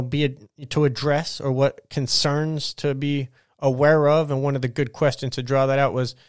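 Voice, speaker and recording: Getting ready for bed at home, the man behind this podcast spins an animated, profane and meandering story from his job in a casual way. His voice is medium-pitched and smooth, captured dry with clean studio quality.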